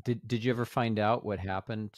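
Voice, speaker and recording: A man's voice: fairly low pitch, fairly even intonation, brisk, no echo, studio quality. A man hosting a podcast, asking brief, curious questions of his guest. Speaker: podcast host. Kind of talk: interview questions.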